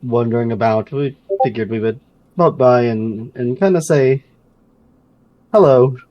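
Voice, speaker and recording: A man's voice: medium pitch, measured pace, no room sound, lo-fi sound. A man plays in a tabletop game, speaking politely and a little hesitantly. The sound is close and dry, with no room around it. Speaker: player. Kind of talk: casual tabletop play.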